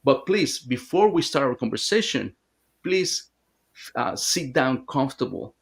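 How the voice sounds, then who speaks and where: A man's voice: mid-range voice, sing-song, measured pace, gravelly. A man playing a formal, welcoming otherworldly teacher being while retelling a hypnosis session.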